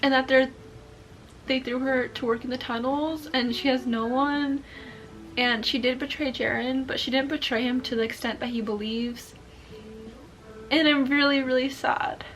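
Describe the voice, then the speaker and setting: A woman's voice: high voice, fairly even intonation, normal speed, fairly bright tone, faint music behind, rough recording. A young woman vlogging in a casual, chatty way, gushing and emotional as she talks to her viewers. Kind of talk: casual chat to camera.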